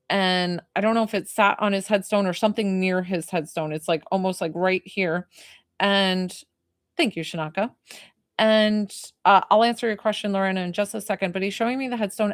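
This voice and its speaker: A young woman talks through a live psychic reading, wandering in loose rambling sentences with lots of hesitant fillers. Her voice sits at an ordinary middle pitch. The sound is dry and close, with no room echo. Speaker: psychic medium.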